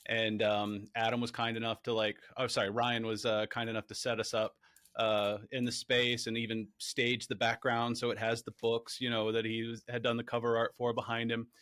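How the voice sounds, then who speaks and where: A man being interviewed about his documentary, telling animated stories and acting out what people said. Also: mid-range voice, moderate pace, dry recording, studio quality. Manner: animated, excitable storyteller acting out quotes. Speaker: documentary filmmaker guest. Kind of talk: casual interview storytelling.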